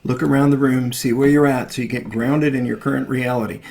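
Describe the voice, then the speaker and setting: A man, a past life regression therapist, giving gentle coaching advice in a casual live stream chat. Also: medium pitch, fairly even intonation, brisk, vocal fry. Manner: gentle, coaching, acts out parent and child talk.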